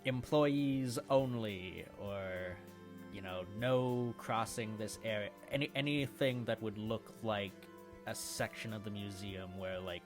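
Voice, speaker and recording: A man playing a tabletop game, speaking haltingly with many fillers. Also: on the low side. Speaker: player. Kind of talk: casual tabletop game chat.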